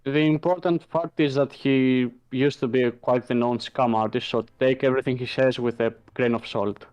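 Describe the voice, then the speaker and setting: A man's voice: mid-range voice, fairly even intonation, moderate pace, a little mellow, smooth, lo-fi sound. A man playing a tabletop game, talking in a casual, blunt way. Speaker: player. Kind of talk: tabletop role-play.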